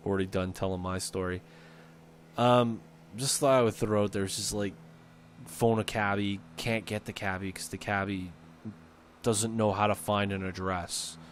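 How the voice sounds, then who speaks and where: A man's voice: lowish voice, normal speed, slight background noise. A man casually telling a personal story over game footage, rambling with fillers and acting out the people he quotes. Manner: rambling, animated retelling with fillers and acted-out quotes. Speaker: gaming video storyteller. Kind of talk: casual spoken anecdote. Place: at home, voice-over on gameplay.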